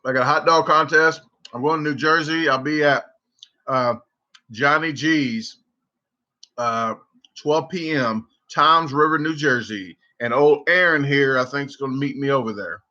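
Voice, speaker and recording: Man, Southern accent, casual rambling storyteller, bright tense voice, lo-fi muffled audio. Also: medium pitch, measured pace. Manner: rambling, repeats and restarts, animated when quoting. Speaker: livestream host. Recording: dull lo-fi livestream audio.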